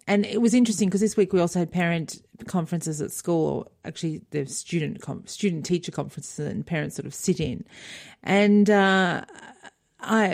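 A woman's voice: lowish voice, darkish tone. A middle-aged woman co-hosting a podcast, chatting casually, laughing often and retelling conversations. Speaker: podcast co-host. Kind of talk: casual chat.

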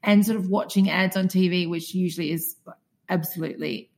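A woman's voice: lowish voice, fairly even intonation, fairly quick, gravelly, a little mellow. Chatty Australian woman telling stories. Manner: chatty storyteller, acts out quoted dialogue. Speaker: podcast co-host. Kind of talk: casual chat.

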